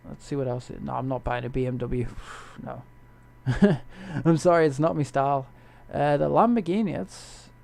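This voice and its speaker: Gravelly man streaming a game. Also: a little high, a little mellow. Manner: rambling, jokey, chatty with viewers. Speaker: gamer streaming gameplay. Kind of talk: casual live-stream commentary. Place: home room at night.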